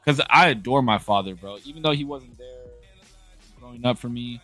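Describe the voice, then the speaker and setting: A man's voice: mid-range voice, normal speed, pushed and bright, faint music behind. A man in his thirties talking candidly in a casual conversation, emphatic and blunt, often restarting his sentences. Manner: emphatic, frequent profanity and restarts.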